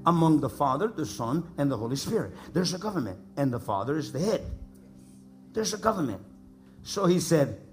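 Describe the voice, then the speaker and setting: A man from the United States preaching a sermon to a congregation, emphatic and repeating lines for them to echo back, building to shouts. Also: on the high side, big pitch swings, fairly quick, faint music behind. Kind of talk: sermon with call-and-response. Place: church service before a congregation.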